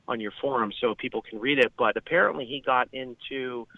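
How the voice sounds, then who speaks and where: A man's voice: medium pitch, a little fast, gravelly, dry recording. A man talking at length on a podcast, rambling with many fillers and restarts. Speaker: podcast guest. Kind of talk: conversational podcast talk. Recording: dull lo-fi sound.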